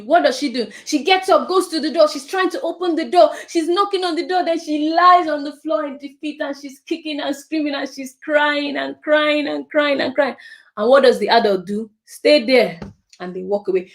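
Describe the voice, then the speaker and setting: A woman giving a parenting talk, expressive and repeating phrases for emphasis. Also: high voice, normal speed. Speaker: parenting speaker.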